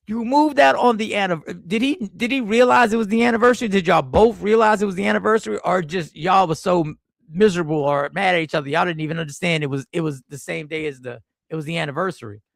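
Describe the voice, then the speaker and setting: A man hosting a casual livestream from an airport, greeting the chat by name and reacting to their comments in a lively, slangy way. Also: sits high, quick pace, gravelly, no room sound, clean studio sound. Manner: animated, slangy, reacts to chat with sudden exclamations. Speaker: livestream host.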